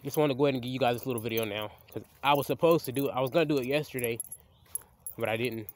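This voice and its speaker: A man's voice: mid-range voice, rapid-fire, slight background noise. Young man, casual outdoor phone vlogger, rambling and stammering. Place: outdoors by a creek. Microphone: handheld phone camera.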